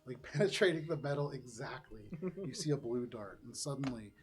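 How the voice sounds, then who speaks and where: A man runs a science-fiction tabletop game as its game master, narrating each turn in an easygoing, conversational voice. His pitch sits in the middle of the range for a man, and his telling drifts between vivid description and casual rules talk. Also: expressive, fairly quick.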